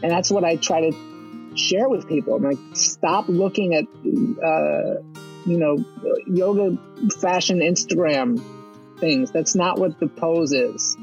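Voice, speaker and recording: Animated storytelling man, slightly high voice. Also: slow, creaky, lo-fi sound, faint music behind. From Baltimore, USA. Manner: animated storyteller with profanity, acts out quotes. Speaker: veteran and motivational speaker. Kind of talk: storytelling interview.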